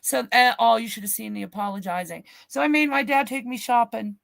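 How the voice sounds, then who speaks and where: A middle-aged woman co-hosting a podcast, telling a family story in an animated, swearing way and acting out the quotes. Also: fairly high pitch, a little fast, creaky, no echo. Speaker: podcast co-host. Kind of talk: casual storytelling chat. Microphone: podcast mic, remote stream.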